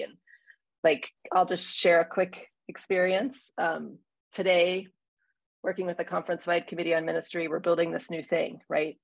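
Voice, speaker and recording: A woman in casual conversation as a church minister, talking reflectively with many pauses and fillers. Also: on the low side, little pitch movement, no room sound, poor audio. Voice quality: husky, gravelly.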